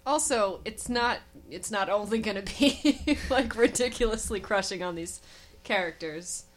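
A woman co-hosting a podcast in casual chat, giggly and quick with quips. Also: medium pitch. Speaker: podcast co-host. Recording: loud background noise.

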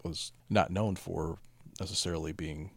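A man with a low voice chats through a movie commentary in a dry, understated manner. He stays calm and offhand and adds bits of trivia along the way. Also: normal speed, gravelly, dry recording. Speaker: podcast co-host.

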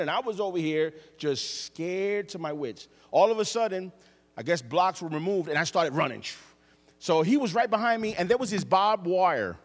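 A man preaching a storytelling sermon to his church, jokey and engaging, calling on the congregation to answer him. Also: high-pitched. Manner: lively, jokey, audience call-and-response. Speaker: pastor. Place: church sanctuary. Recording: long reverb in a church hall.

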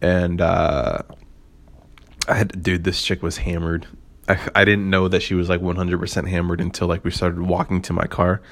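A young man with a very low voice spins a casual story for his podcast. He rambles and swears freely, leans hard on fillers, and keeps a sarcastic streak running through the telling. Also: flat delivery, normal speed, fairly bright tone. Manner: rambling, profane, filler-heavy. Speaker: podcast host.

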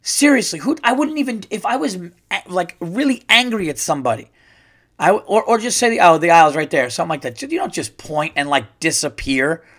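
A middle-aged man hosting a podcast, telling a comedic story in a profane, animated rant and acting out the quotes. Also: high-pitched, a little fast. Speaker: podcast host. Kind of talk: ranting comedic monologue.

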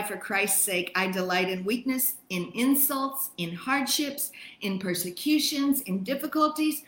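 A woman's voice: medium pitch, a bit bright, echoey room, low-quality recording. Emphatic woman teaching Bible study. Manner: emphatic, encouraging, addresses listeners by name.

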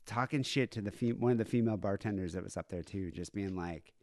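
A man's voice: lowish voice, quick pace, darkish tone. A man calling in, telling a story in a loose, rambling, profane way. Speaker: caller. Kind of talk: casual storytelling.

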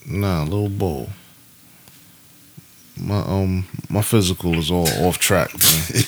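A man's voice: sits low, takes it slowly, noisy background. Laid-back man bantering casually. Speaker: podcast host. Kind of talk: casual chat.

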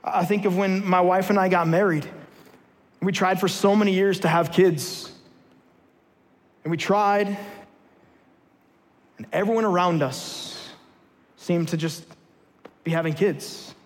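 A man's voice: sits high, fairly even intonation, unhurried, long pauses, big-room sound. A man preaching a sermon to his church, telling a personal story and then leading repeated rallying declarations. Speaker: pastor. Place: church sanctuary.

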